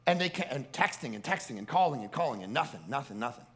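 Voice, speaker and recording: A man preaching a storytelling sermon at a family camp, animated and prone to repeating words and restarting sentences. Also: mid-range voice, quick pace. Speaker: camp speaker.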